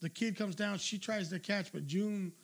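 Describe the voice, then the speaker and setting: A man's voice: high-pitched, moderate pace. A middle-aged man telling a long, rambling anecdote in casual chat, swearing freely and laughing at his own story. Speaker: storyteller on a talk show.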